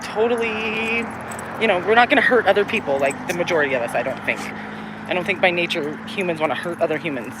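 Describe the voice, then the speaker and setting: A middle-aged woman rambling and cursing as she walks down a busy street, a little out of breath, speaking into a phone held in her hand. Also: lowish voice. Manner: rambling, digressive, swears freely, trails off with "anyways". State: short of breath in the humid heat. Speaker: vlogger. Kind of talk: casual rambling monologue while walking. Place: outdoors on a busy city street. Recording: street noise and passing cars.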